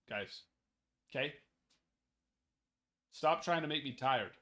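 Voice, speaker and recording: A man hosts a casual live stream from home, drawling along at an easy, unhurried pace. His talk is chatty and playful, and it turns soft and cooing whenever he comforts a child nearby. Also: medium pitch, animated. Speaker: card break host.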